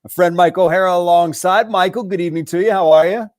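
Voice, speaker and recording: A man hosting a casual sports radio talk show, upbeat and teasing with quick asides. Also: sits high, a little mellow, no echo, studio quality. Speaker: radio play-by-play voice and show host.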